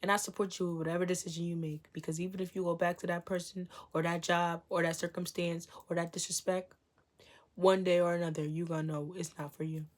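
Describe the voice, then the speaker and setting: A woman's voice: on the low side, level tone, fast talker, hardly any pauses. Young woman preaching self-love to camera. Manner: emphatic, repetitive rhetorical questions; blunt and preachy, sometimes swearing. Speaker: vlogger. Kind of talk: motivational talk to camera.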